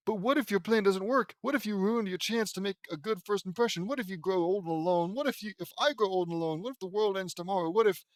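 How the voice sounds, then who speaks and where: A man's voice: high voice, quick pace, hardly any pauses, dry recording, voice pushed up, natural voice. A man reading a fan fiction audiobook, voicing an anxious young girl who fires off panicked questions. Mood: panicky.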